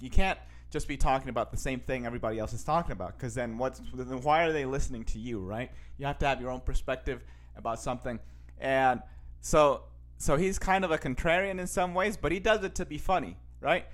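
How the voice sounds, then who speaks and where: A man's voice: mid-range voice, a bit bright. A man hosts a casual podcast, talking straight into his microphone in a mid-range voice. He rambles and restarts his sentences often, stacking up fillers along the way. He laughs easily between thoughts. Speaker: podcast host.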